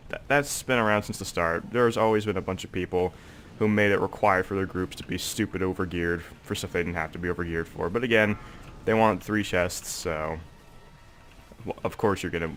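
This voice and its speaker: Young man, congested and low-voiced, casual rambling game commentary, faint game noise underneath. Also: a bit bright. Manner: rambling, heavy on fillers like "like" and "um". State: congested, sore throat. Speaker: gaming video creator.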